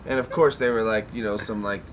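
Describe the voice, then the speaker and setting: A man's voice: fairly low pitch, fairly even intonation, fast, a little hiss or hum. A man hosting a casual podcast, telling a rambling, profane story and laughing often. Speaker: podcast host.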